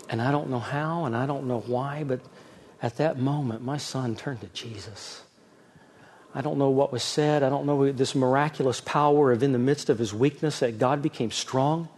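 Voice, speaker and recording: A middle-aged man, a pastor, preaching a sermon with a personal story, swinging from loud emphasis to soft, hushed telling. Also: mid-range voice, normal speed, a little hiss or hum.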